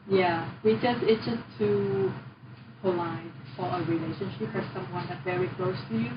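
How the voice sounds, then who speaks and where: A woman's voice: fairly low pitch, recorded from a distance. A young woman from Vietnam with a Vietnamese accent, tutoring a student in an online lesson and patiently modeling each word. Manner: patient, encouraging, models words slowly. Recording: roomy, dull audio with noise.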